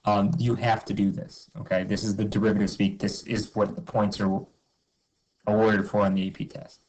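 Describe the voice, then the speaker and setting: A man's voice: fairly low pitch, little pitch movement, moderate pace, a little mellow, rough recording. A man teaching a math review lesson, upbeat and informal, talking through each step and asking himself questions. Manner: upbeat, explains step by step, asks and answers his own questions; informal, says okay and cool a lot.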